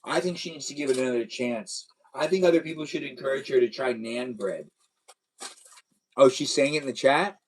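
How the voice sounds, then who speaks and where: A man's voice: mid-range voice, fairly quick, low-quality recording. A young man hosting a casual live stream, chatting playfully and answering viewers' comments.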